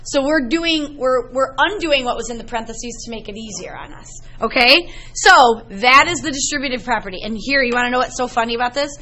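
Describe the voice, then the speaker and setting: Middle-aged woman math teacher, bright tone, lively storytelling to a class. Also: on the high side, a little fast, few pauses. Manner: lively, chatty storytelling to students.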